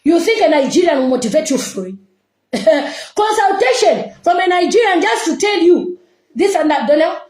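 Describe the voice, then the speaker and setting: A woman's voice: very high voice, very animated, normal speed, a little mellow, reverberant, low-quality recording. A woman from Zambia, giving an impassioned, scolding reaction rant full of rhetorical questions. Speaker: online commentator.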